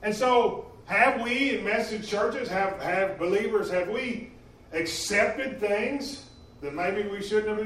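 A man preaching a sermon in a church, impassioned, swinging between loud emphasis and quieter stretches. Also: sits high, slight background noise. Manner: impassioned, rising and falling in emphasis. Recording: echoey room from a distance.

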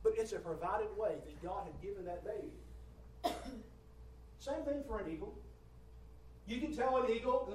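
Guy preaching a sermon, loud then soft, repeats himself, echoey hall, mic far away. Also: high voice, lively intonation, moderate pace. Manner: emphatic, rising and falling, repeats phrases. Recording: roomy hall from a distant mic, faint ambience.

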